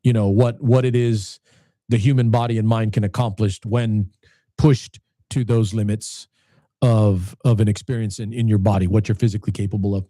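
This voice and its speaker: A man's voice: on the low side, steady tone, normal speed, mellow, dry recording, clean studio sound. A man in his late fifties, a channel host, talking casually to his viewers in a rambling way with frequent restarts and repeated words. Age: 50s. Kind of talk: casual talk to camera.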